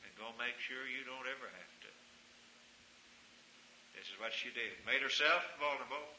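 A man's voice: mid-range voice, normal speed. Male preacher, fervent and dynamic, recorded in an echoey room with hiss. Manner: fervent, swings from hushed to shouting. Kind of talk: sermon.

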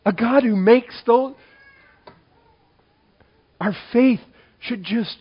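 High-voiced animated male preacher. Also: extremely slow, husky, dull audio. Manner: animated, swings between loud exclamations and quiet asides. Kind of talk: sermon.

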